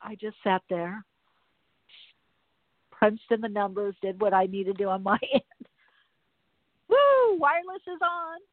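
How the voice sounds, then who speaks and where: A woman's voice: medium pitch, flat delivery, moderate pace, pauses often, dry recording. A woman host talks in a loose, rambling, chatty way, spinning everyday stories for her listeners. Her voice comes through thin and tinny, like a phone line, with a close, dry sound and no room around it. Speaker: podcast host. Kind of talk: casual chat.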